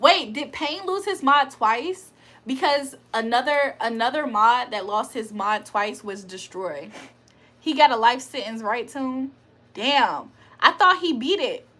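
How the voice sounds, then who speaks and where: A woman's voice: on the high side, expressive, a little slow, pushed and bright. A young woman hosting a casual livestream, reading chat aloud and laughing often. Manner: chatty, laughs often, reads comments aloud.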